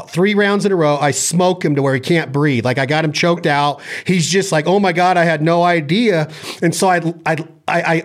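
A man with a slightly high voice tells a rowdy story in relaxed conversation. He talks in an animated way and swears casually. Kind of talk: casual chat.

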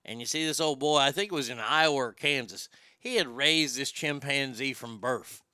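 A man's voice: mid-range voice, normal speed, sharp tone, smooth, dry recording, studio quality. A man, telling blunt, profane comic stories in a casual chat. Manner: profane, blunt, drawling storyteller. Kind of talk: casual comedic storytelling.

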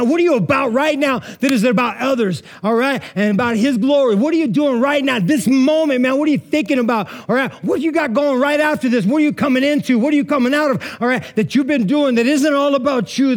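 A man's voice: high-pitched, a little mellow. A man preaching a sermon in a casual, conversational way, full of asides and rhetorical questions. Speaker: pastor.

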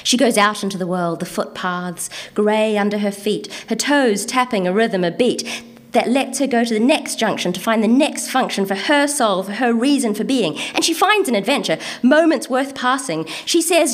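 Between poems, this Antipodean-accented woman chats in a casual, hesitant way; during them, she reads her own spoken word in a measured rhythm with intentional pauses. She speaks at a medium pitch with lively intonation.

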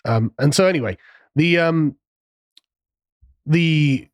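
A man's voice: a little high, slow pace, no echo. A man hosting a podcast, talking through politics in a casual, sardonic way. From England. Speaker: podcast host.

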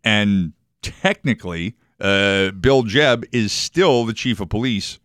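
A man's voice: fairly low pitch, slow pace, fairly bright tone, no room sound. A male morning radio host trading casual banter in a dry, close-miked studio. He tells jokes and acts out the characters' voices. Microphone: studio microphone.

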